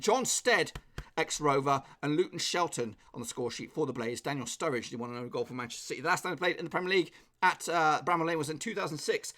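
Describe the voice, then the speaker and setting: A man with an English accent and a slightly hoarse voice, casually chatting on a live stream and reading out viewers' football predictions. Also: a little high, sharp tone.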